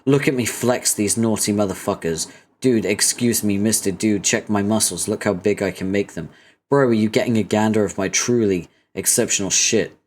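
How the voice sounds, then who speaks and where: A man's voice: fairly low pitch, normal speed, natural voice. A man voicing a crude, pushy male robot who brags nonstop about his muscles. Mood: boastful pushy. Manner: insistent, crude bragging.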